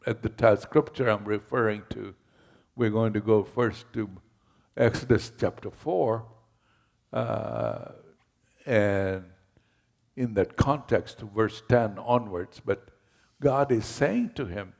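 A man's voice: lowish voice, slow pace, creaky, long pauses, darkish tone. A man as pastor, giving a conversational sermon that retells scripture in everyday words.

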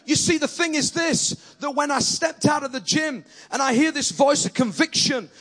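A man preaching a sermon, telling a story and then building up to forceful, animated preaching. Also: extremely high pitch, moderate pace.

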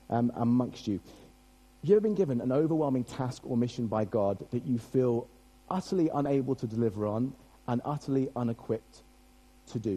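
A man's voice: mid-range voice, mellow, breathy edge, low-quality recording. A young British man preaching a sermon as pastor, chatty and self-deprecating, joking with his congregation.

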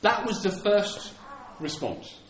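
A man's voice: sits high, big pitch swings, slow pace, a bit bright. A man preaching a sermon in an earnest way, often repeating words and acting out the lines he quotes. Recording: echoey room with faint ambience.

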